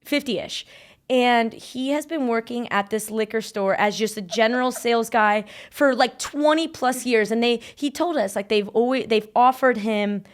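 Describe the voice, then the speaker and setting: A woman's voice: on the high side, moderate pace. A young woman hosting a casual podcast chat, telling stories in a chatty way, full of "like". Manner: chatty storytelling, frequent filler "like". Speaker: podcast host.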